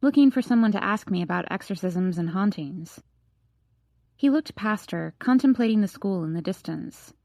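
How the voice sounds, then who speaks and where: A woman reads a young adult novel aloud for an audiobook, telling the story in an even, scripted way. Her mid-range voice moves at a normal speed, recorded dry with clean studio sound.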